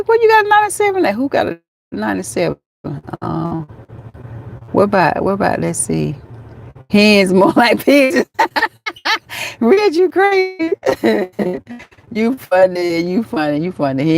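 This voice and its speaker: A woman's voice: fairly low pitch, dry recording, clean studio sound. A woman hosting a casual live chat, reading out comments, laughing often and talking straight to her viewers. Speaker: livestream host.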